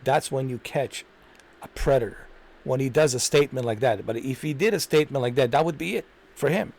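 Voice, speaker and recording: A man's voice: mid-range voice, brisk, creaky, a little mellow. Indignant man ranting on his channel. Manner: indignant, repetitive, emphatic. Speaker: commentary channel host. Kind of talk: ranting video commentary.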